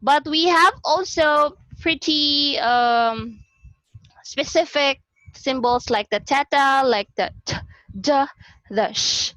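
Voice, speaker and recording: A woman with a Filipino accent presenting a lesson on a video call, explaining slowly and repeating herself as she goes. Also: sits high, pushed and bright, no echo, poor audio. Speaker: student presenter in a class discussion. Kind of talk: online class presentation. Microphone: computer or headset mic on a video call.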